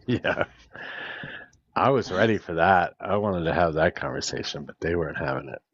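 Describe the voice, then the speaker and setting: A man's voice: sits low, animated, normal speed, fairly bright tone, slightly rough, no room sound. A man hosting a casual group audio chat, talking bluntly and swearing now and then. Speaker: host of a live audio panel. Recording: dull lo-fi audio.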